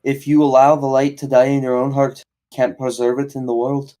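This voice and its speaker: A man's voice: medium pitch, flat delivery, brisk, dark tone, lightly acted. A man voicing a determined adventurer who repeats a paladin oath earnestly, close to his own voice.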